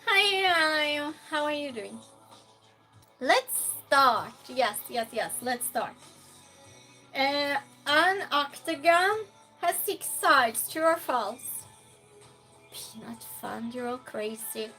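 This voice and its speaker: A woman's voice: high voice, expressive, slow pace, bright, forceful tone, faint music behind. A woman hosting a live-stream game night, chatting casually, reading chat aloud and playfully scolding and thanking donors.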